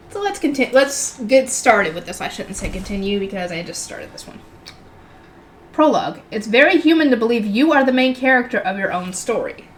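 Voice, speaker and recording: Woman, reading a novel aloud, mid-high voice, chatty exasperated asides. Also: a bit bright, a little hiss or hum. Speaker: channel host reading a novel. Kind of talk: reading aloud with casual commentary.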